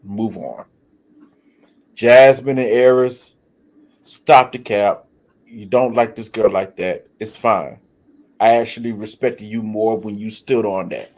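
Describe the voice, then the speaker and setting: A man's voice: on the low side, fairly even intonation, takes it slowly, a little mellow. A man giving blunt, frank opinions as a panelist. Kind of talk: casual opinion commentary.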